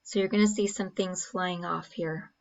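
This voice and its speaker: A woman's voice: lowish voice, fairly even intonation, moderate pace, vocal fry, dull audio. Woman explaining a dental procedure. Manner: explanatory, with frequent fillers. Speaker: dental instructor. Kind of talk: narrating a procedure video.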